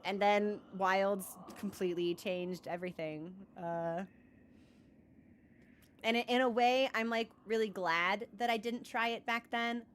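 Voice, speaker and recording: Livestreaming from her computer desk, a young woman chats casually and earnestly with viewers, rambling with many restarts and "like"s. Her medium-pitched voice is a little slow with fairly even intonation, against slight background noise.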